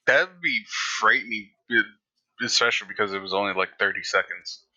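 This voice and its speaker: A man's voice: on the low side, fairly even intonation, brisk, sharp tone, no room sound. A young man co-hosting a podcast in casual chat, joking and stammering as he starts sentences. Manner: stammering, jokey. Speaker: podcast co-host.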